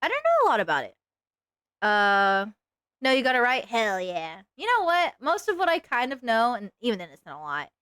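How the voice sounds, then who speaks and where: A young woman streams and chats while drawing, her voice bouncing up and down with lively, giggly energy. She pokes fun at herself, the sound dry and close to the mic. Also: fairly high pitch, normal speed, clean tone, no echo. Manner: chatty, giggly, self-mocking. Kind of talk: casual live-stream chat while drawing.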